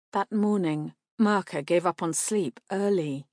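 Low-voiced woman narrating a fantasy novel. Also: a little slow, hardly any pauses, a little mellow, no echo, clean studio sound. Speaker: audiobook narrator.

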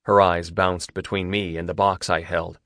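Deep-voiced man narrating a romance. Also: level tone, normal speed, pushed and bright, no room sound, clean studio sound. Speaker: audiobook narrator. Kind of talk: first-person romance narration.

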